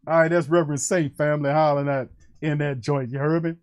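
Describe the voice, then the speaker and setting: A man hosting a casual sports talk show, animated and conversational, speaking to fans as family. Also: a little high, fast talker, dull audio.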